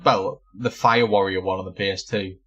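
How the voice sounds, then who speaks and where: A man's voice: low voice, steady tone, moderate pace, fairly bright tone, breathy edge, lo-fi sound. A young man co-hosting a casual podcast, telling stories with plenty of swearing and laughter. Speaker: podcast co-host. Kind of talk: casual chat.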